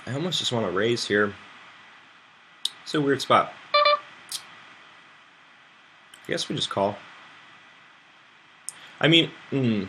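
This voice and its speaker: A man's voice: on the low side, bright, forceful tone, slight background noise. A man from the United States streaming online poker, rambling and thinking aloud about his hands with self-mocking asides. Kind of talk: live game commentary.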